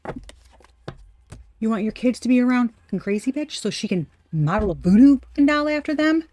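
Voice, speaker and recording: A woman's voice: on the high side, lively intonation, a little fast, warm tone. A woman giving a casual collective tarot reading, blunt and profane, repeating her points for emphasis. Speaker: tarot reader.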